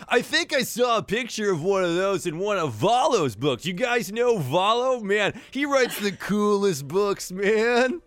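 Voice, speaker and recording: A man's voice: sits high, sing-song, a little slow, few pauses, a bit bright, dry recording, studio quality, pitched above the performer's own voice, full character voice. A man voicing a laid-back, vain young surfer-dude man who drawls "man" and "dude.". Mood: excited, friendly.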